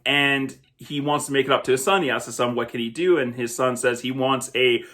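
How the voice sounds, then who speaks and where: A man's voice: medium pitch, steady tone, fairly quick, a bit bright. A man hosting a film review show, talking casually and conversationally about a movie. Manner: chatty, conversational, laughs now and then.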